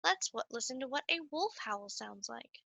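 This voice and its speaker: A woman giving a lively, sing-song nature lesson to young children while playing a coyote mascot. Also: fairly high pitch, normal speed, gravelly, no echo. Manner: animated, sing-song, speaks straight to children.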